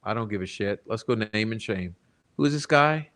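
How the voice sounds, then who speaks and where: A man's voice: on the low side, lively intonation, normal speed, fairly bright tone. A man hosting a true-crime channel, delivering blunt, profane, exasperated commentary straight to his viewers. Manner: addresses the chat directly. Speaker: channel host.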